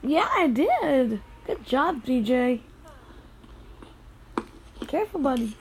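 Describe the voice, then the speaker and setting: A woman filming her children playing outside in the snow, narrating casually and calling out gentle, firm warnings to the kids. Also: high voice, very animated, slow pace, slight background noise, poor audio. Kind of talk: casual family vlog. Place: outdoors in the snow.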